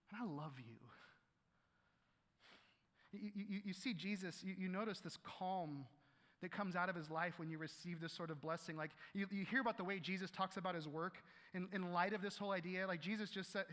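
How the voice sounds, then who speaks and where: Man, pastor's sermon, high bright voice, animated, repeats words, church hall reverb.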